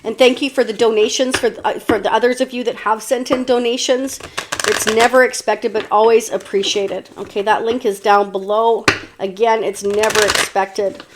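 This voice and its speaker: A woman with a fairly high voice talks through a tarot spread for her viewers. She rambles in a loose, conversational way, full of "like" and "you know," often restarting her sentences. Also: fairly even intonation, a little fast, few pauses, noisy background. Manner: chatty, meandering, many fillers and restarts. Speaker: tarot reader. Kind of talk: casual tarot reading to camera.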